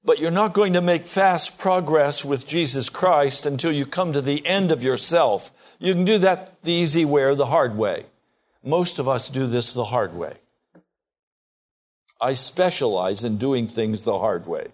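A man in his sixties preaching a sermon, emphatic, acting out prayers in a rising voice. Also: unhurried. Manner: emphatic, acts out quoted prayers with rising pitch.

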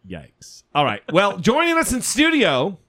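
A man's voice: sits high, wildly swooping pitch, measured pace, fairly bright tone. A man hosting a casual comedy podcast, joking, teasing his co-host and swearing freely.

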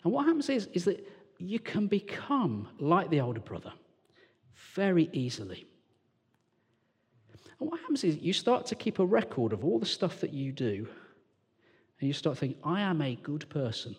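A man from England preaches with a fairly high voice, swinging between bright, animated storytelling and low, hushed asides. His voice carries a long reverb from a church hall. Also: normal speed, pauses often, husky. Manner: animated storytelling, acts out characters, drops to hushed tones. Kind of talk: lively sermon.

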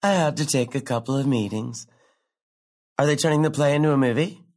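An actress playing a catty former classmate at a reunion, fake-sweet and passive-aggressive, saying "like" a lot. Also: female voice, very deep voice, brisk, darkish tone. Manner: peppers speech with "like". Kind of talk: contemporary stage drama dialogue.

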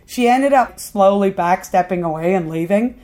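Animated woman telling a street story. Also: medium pitch, moderate pace. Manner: acts out quotes loudly, swears freely. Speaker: street performer guest.

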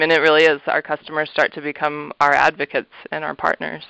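A man talking earnestly and reflectively as an interview guest, a thrift shop manager, with soft laughs and fillers. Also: on the high side, monotone, fairly quick, creaky, clear, resonant tone, no echo. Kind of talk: casual interview answers. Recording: slightly muffled, dull audio.

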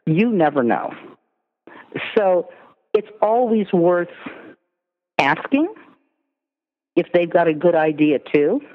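A woman's voice: lowish voice, lively intonation, slow, pauses often. Chatty lady agent on a tinny phone line, lots of "you know", echoey reverb. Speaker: literary agent guest. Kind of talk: casual interview talk.

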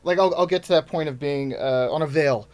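A man in his thirties with a slightly higher-pitched voice, chatting as a guest comic on a podcast. He rambles through his stories, mocks himself and keeps the talk loose and casual. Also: brisk, a little mellow. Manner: rambling, self-deprecating storytelling. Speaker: stand-up comedian guest.

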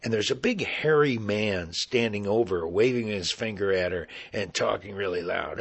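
A middle-aged man, an actor, telling a personal story in an animated, conversational way. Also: on the low side, moderate pace, vocal fry, few pauses, slightly rough.

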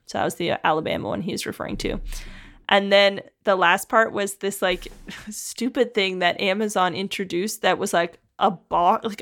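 A woman's voice: medium pitch, fairly bright tone. A woman co-hosting a podcast in casual chat, reading quotes aloud with a chatty, "like"-filled manner. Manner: chatty, lots of "like". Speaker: podcast co-host.

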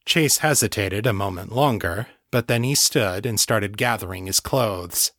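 A man reading a novel aloud as an audiobook narrator, in an even, measured storytelling way. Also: on the low side, no room sound, clean studio sound.

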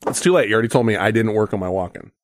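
A man's voice: fairly low pitch, very fast, no echo, clean studio sound. A man hosting a podcast in casual chat, playful and teasing, swearing freely. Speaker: podcast host.

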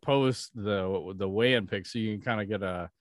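A man's voice: lowish voice, normal speed, no room sound, studio quality. A man co-hosting a podcast, chatting casually in a blunt, profane, joking way. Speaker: podcast co-host. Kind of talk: casual chat.

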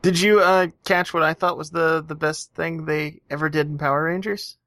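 A man's voice: a little high, steady tone, normal speed, sharp tone, no echo, clean studio sound. A man co-hosting a podcast in casual chat, sarcastic and profane. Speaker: podcast co-host.

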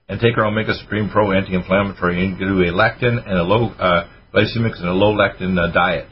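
A man hosting a health call-in radio show as a doctor, quickly rattling off lists of supplements and advice. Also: lowish voice, slight background noise. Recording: muffled radio broadcast with music.

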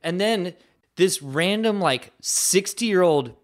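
Skater dude guest on a podcast, kinda high voice, swears a lot, says like every other word. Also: male voice, slow pace. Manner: profane, filler-heavy, animated retelling. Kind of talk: casual storytelling.

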